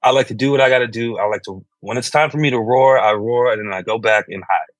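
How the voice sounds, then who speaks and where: A man's voice: mid-range voice, quick pace, dry recording. Man, musician guest, casual rambling talk, "you know" fillers, dry studio sound. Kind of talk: conversational interview.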